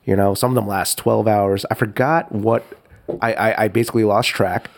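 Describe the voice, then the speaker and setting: A man hosting a casual chat, talking in a halting way with repeated words and quick affirmations. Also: fairly low pitch, steady tone, creaky.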